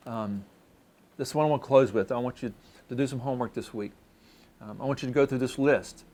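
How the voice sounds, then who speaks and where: A man's voice: mid-range voice, darkish tone. A man preaching a sermon as pastor, in a conversational way, often restarting his sentences.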